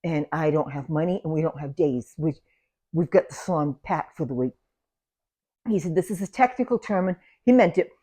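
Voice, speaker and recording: An older woman, casually telling animated stories about her salon and laughing as she goes. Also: low voice, normal speed, breathy edge. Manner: animated, laughs through anecdotes, loud when acting out yelling. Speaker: salon owner. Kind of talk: casual storytelling.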